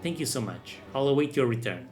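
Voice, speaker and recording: A man's voice: mid-range voice, animated, brisk, darkish tone, natural voice. A man voicing a polite, genteel well-to-do lady who is flustered and prim, over faint music.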